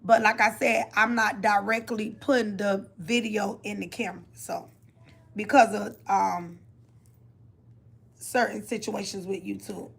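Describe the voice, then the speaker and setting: Chatty woman with a gravelly edge. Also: mid-range voice, fairly even intonation, a little slow. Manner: chatty, filler-heavy, sympathetic. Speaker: reaction vlogger. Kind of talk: casual commentary over footage.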